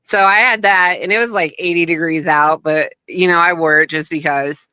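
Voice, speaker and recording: Bright, smooth-voiced woman telling a story. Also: lowish voice, moderate pace, no echo, low-quality recording. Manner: animated, acts out quoted voices. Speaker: guest, wrestler's daughter. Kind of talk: casual storytelling.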